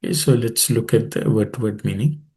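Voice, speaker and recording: A man leading a scripture study class, explaining the meaning and pronunciation of verses in a measured way with many fillers. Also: fairly low pitch, a little mellow. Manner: chants Sanskrit verses quickly.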